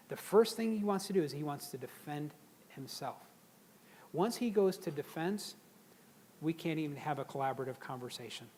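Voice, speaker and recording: A middle-aged man giving a lively leadership seminar, often throwing questions to the audience. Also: a little high. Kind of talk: live seminar talk to an audience.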